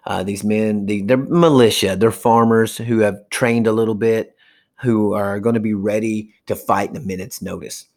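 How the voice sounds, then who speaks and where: History teacher, man, lowish voice, loose lecture delivery with acted asides. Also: fairly even intonation, darkish tone. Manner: chatty, acts out historical figures in quick asides. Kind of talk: casual classroom lecture.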